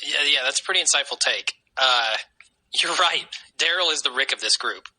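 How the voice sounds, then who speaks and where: A man with a lively, animated pitch and a very bright, sharp tone. He speaks conversationally as a podcast co-host in casual chat. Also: a little fast, rough recording. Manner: conversational, gives short agreeing responses.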